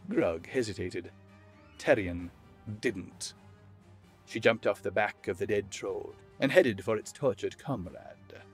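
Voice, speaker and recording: A man narrating a fantasy audiobook in a measured, expressive storytelling manner. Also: lowish voice, faint music behind.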